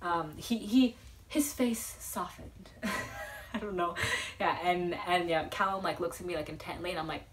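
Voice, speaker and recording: A young woman telling an excited storytime vlog, rambling and giggly, with lots of fillers and restarts. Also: on the low side, measured pace, a little hiss or hum. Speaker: vlogger.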